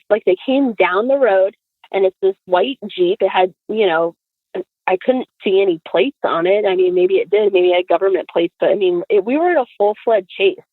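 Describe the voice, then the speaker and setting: A woman guest telling a story in an animated, chatty way, full of fillers and acted-out quotes, heard over a tinny phone line. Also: mid-range voice, no room sound. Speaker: podcast guest.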